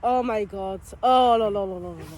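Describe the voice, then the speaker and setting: A woman's voice: mid-range voice, normal speed, a little mellow, slight background noise. A young French woman vlogging outdoors in a city, talking with a French accent, playful and teasing with big exaggerated reactions. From France. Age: young adult. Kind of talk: playful street vlog.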